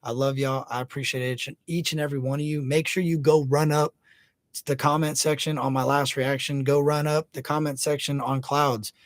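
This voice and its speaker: A man's voice: mid-range voice, flat delivery, moderate pace, no echo. A man in his thirties hosting a casual livestream, chatting loosely and hyping up viewers by name. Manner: laid-back, hypes up viewers by name. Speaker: livestream host.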